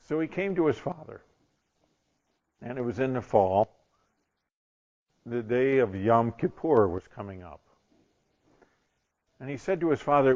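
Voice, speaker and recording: A male preacher telling a story from the pulpit in an animated way, slipping into the voices of the people in it. His pitch sits in a middle range, and the recording has a dull, lo-fi sound. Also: unhurried, long pauses. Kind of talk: sermon storytelling.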